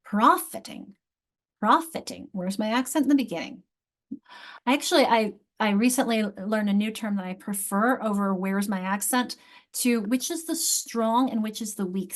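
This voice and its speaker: A woman instructor teaching other teachers, thinking aloud and sounding out words slowly, repeating each one. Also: medium pitch. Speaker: literacy instructor.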